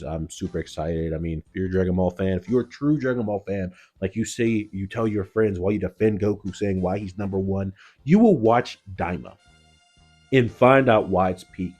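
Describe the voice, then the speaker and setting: A man's voice: fairly low pitch, darkish tone. A man giving a casual, slangy recap of an anime episode, loose and full of "like" and "yo". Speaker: anime reviewer.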